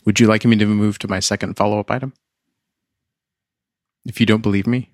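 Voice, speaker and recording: A man with a somewhat low voice co-hosting a casual podcast chat. His delivery is dry and wry, measured and deliberate. The close mic leaves no room sound at all. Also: flat delivery, dry recording. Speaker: podcast co-host.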